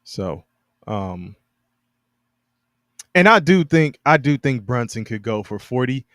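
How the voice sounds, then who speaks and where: A man co-hosting a casual sports podcast, talking in halting bursts with many restarts and frequent laughter. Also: mid-range voice, sing-song, fairly bright tone, no room sound, clean studio sound. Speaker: podcast co-host.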